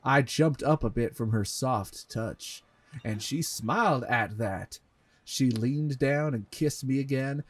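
A man with an English accent hosts a comedic reading of fan fiction, often laughing and stumbling through halting asides. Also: mid-range voice, slightly rough, no room sound. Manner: breaks into laughter, halting asides full of fillers. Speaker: host reading a fanfic aloud. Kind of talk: comedic dramatic reading with commentary.

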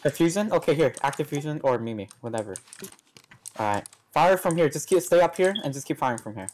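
Casting: low-pitched woman, game squad leader, urgent repeated commands. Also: expressive, a little mellow. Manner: urgent, repeats orders in rapid bursts. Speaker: regiment leader in an online war game. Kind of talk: commanding a squad over voice chat.

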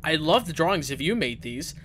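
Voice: mid-range voice, big pitch swings, a little fast, fairly bright tone, slight background noise. A young adult gaming video creator giving nervous, jittery let's-play commentary on a horror game, often stammering and repeating words.

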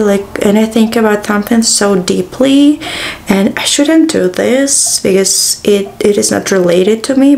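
Slow, chatty tired woman vlogging. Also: medium pitch, warm tone. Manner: chatty, rambling, sighs and exclaims often. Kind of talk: casual chat to camera.

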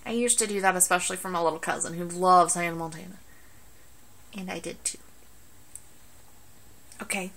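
A woman's voice: on the low side, moderate pace, vocal fry, pauses often. A young woman with a Southern US accent, chatting and joking through an accent-challenge vlog into a phone. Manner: chatty, joking, animated outbursts. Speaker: vlogger.

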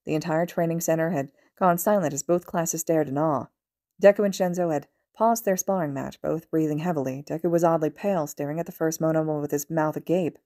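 Low-voiced woman reading fan fiction. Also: fairly quick, no room sound, studio quality. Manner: steady, even-paced storytelling. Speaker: podfic reader. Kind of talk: fan fiction audiobook narration.

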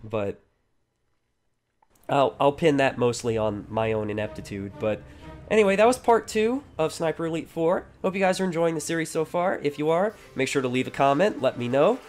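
A man's voice: a little high, normal speed, faint music behind. A man giving casual, sarcastic gameplay commentary with jokey asides. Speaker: gaming YouTuber.

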